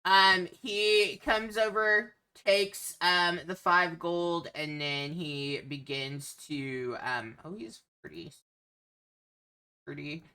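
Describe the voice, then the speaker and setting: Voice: medium pitch, steady tone, slow, sharp tone, clear, resonant tone. A game master narrating a tabletop game, hesitant and full of filler sounds.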